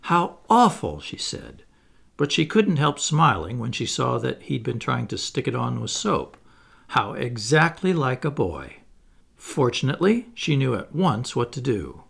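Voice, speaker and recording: A man narrating a children's storybook aloud in an expressive, playful way with asides to the listener. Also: mid-range voice, a little slow, vocal fry, husky. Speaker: audiobook reader.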